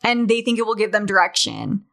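A woman's voice: mid-range voice, very animated, brisk, vocal fry, a bit bright. A woman in her twenties from Utah hosting a podcast in a candid, chatty monologue, swearing freely and saying "like" often. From Salt Lake City, Utah, USA. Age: 20s. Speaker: podcast host. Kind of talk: casual monologue.

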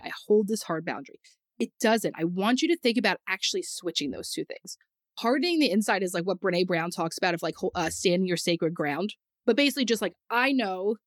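A woman's voice: mid-range voice, dry recording, studio quality. A woman co-hosting a podcast in casual chat, chatty and laughing often, with lots of "like" fillers. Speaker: podcast co-host.

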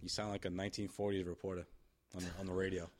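A man's voice: low voice, flat delivery, racing, a little mellow. A man co-hosting a sports podcast in casual chat, joking and talking over the others. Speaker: podcast co-host.

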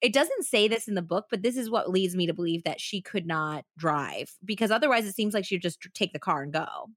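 A woman's voice: fairly low pitch, lively intonation, brisk, a bit bright, no echo. A woman co-hosting a true-crime podcast, reading a story aloud and chatting casually about it into a close mic. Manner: reads narration then chats casually with fillers. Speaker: podcast co-host.

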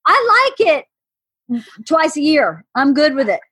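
A woman's voice: sits high, very animated, measured pace, pushed and bright. A woman with a Southern accent, chatting and laughing as a podcast guest, self-mocking and chatty. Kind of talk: casual chat.

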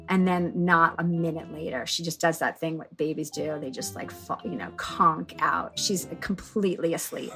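A middle-aged woman tells her story as an interview guest. She talks in an animated, chatty way, full of fillers, and her voice has a gravelly fry. Soft music plays faintly beneath her. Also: on the low side, normal speed. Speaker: guest, author and mother.

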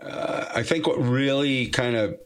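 A man's voice: mid-range voice, a little slow, smooth. Rambling, easygoing male podcast guest. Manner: rambling, many restarts and fillers, laughs easily. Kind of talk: casual storytelling interview.

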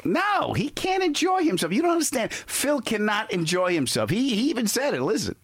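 A man's voice: high voice, very animated, a little fast, fairly bright tone, husky. A man hosting a comedy podcast in a teasing way, laughing often. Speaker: podcast host. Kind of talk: casual comedy chat.

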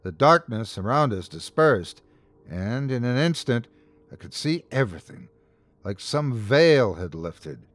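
A male storyteller reads a scary tale slowly and deliberately, his pitch rising and falling with the drama. The voice sits dry and close to the mic, with no room around it. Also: no echo. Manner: measured, dramatic first-person storytelling. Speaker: host and narrator. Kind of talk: scripted horror story narration.

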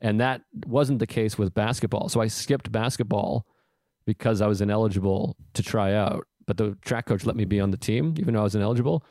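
A man's voice: lowish voice, a little fast, darkish tone, dry recording. A man hosting a podcast, chatting casually and rambling a bit, swearing and joking as he talks. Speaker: podcast host, comedian.

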